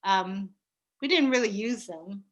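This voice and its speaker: A woman's voice: mid-range voice, unhurried, lo-fi sound. A woman in casual chat with a friend, rambling and laughing often. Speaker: guest friend.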